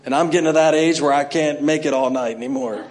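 High-voiced pastor preaching with humor. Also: male voice, fast, darkish tone. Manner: storytelling with self-mocking humor and acted-out asides. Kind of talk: sermon.

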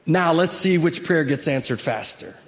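High-voiced man preaching with emphatic energy. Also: moderate pace. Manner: animated, emphatic preaching that acts out prayers and climbs to shouts; conversational asides with the congregation. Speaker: pastor. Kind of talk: sermon.

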